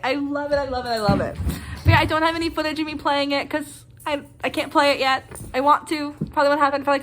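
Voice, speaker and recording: A young woman vlogger ranting casually and excitedly, rambling with lots of fillers. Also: high voice, a little hiss or hum. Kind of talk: casual reaction rant.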